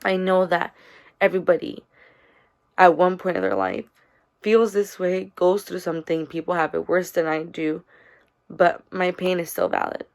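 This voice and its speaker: A woman's voice: fairly low pitch, normal speed. A young woman vlogging about her day and her feelings, rambling with many fillers, her nose stuffy from crying. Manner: tearful, subdued and soft. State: stuffy-nosed after crying. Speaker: daily vlogger. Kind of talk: personal confessional vlog.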